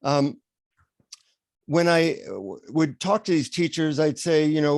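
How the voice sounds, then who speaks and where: A man telling an animated anecdote as a guest on an interview show. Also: a little high, measured pace, creaky, no echo. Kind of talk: storytelling in an interview. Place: radio show recording.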